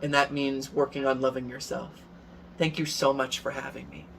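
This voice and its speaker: A man performing spoken word poetry in a measured, rhythmic way. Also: mid-range voice, level tone, vocal fry, fairly bright tone, slight background noise. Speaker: guest poet.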